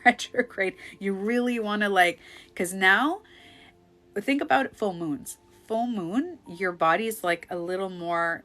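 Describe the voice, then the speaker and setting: A woman in her thirties with a medium-pitched voice chats casually as a life coach on a phone live stream. She is animated and blurts out loud quoted outbursts.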